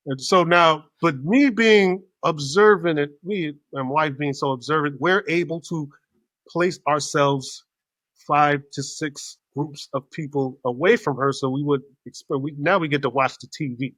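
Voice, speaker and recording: Brief: fairly high-voiced male podcast host, animated and profane storyteller, close dry mic. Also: a little slow, no echo. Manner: animated, profane, acts out other people's voices. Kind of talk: casual storytelling chat.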